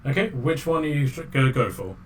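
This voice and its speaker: A man's voice: medium pitch, lively intonation, fast talker. A man narrating a tabletop game as game master, casual and hesitant with many fillers.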